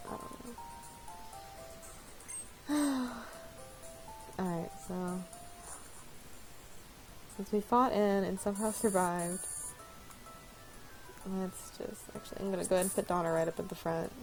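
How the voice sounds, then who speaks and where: Gravelly-voiced woman rambling over gameplay. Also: mid-range voice, fairly even intonation, takes it slowly, pauses often, darkish tone, soft background music, low-quality recording. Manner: rambling, apologetic, laughs often. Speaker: let's-play host. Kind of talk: casual gameplay commentary.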